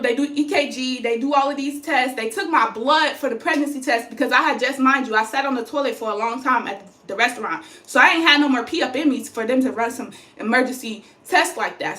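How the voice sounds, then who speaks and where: A young woman with a high, bright voice tells a personal story straight to camera in a casual, lively way. She slips into the voices of the people she describes. The room around her rings with echo. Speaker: vlogger. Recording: echoey room.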